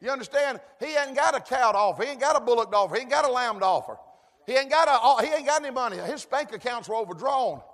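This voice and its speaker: A man preaching a folksy sermon, calling for amens and building to shouts. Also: very high voice, animated, fast. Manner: folksy, call-and-response, rising to shouts. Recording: long hall reverb.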